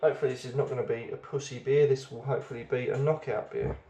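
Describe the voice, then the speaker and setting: A man's voice: medium pitch, fairly even intonation, quick pace, echoey room, heavy background noise. A man hosting a casual beer review video, chatty and rambling, often hesitating as he goes.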